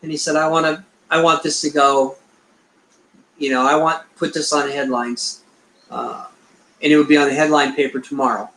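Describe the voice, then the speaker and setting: Speaking at normal speed with a level tone, a middle-aged Bigfoot researcher guest has a fairly high, slightly bright voice over slight background noise. In an echoey room, he spins a rambling interview story and acts out the dialogue he quotes.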